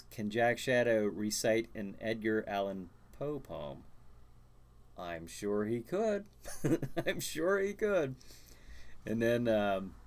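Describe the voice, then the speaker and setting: A man hosting a live stream, chatting casually and answering viewer comments, with many restarts and fillers. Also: fairly low pitch. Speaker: host.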